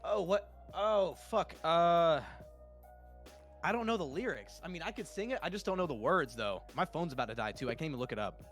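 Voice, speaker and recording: A man co-hosting a casual podcast, lively, profane and self-deprecating. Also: fairly high pitch, fairly quick, faint music behind. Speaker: podcast co-host and server.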